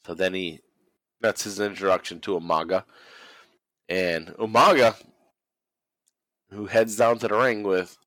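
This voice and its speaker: A man's voice: fairly low pitch, sharp tone, no room sound, low-quality recording. A man hosting a casual podcast chat, telling a story with lots of swearing and laughter. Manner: mimics people he quotes. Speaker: podcast host. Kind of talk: casual chat recapping wrestling.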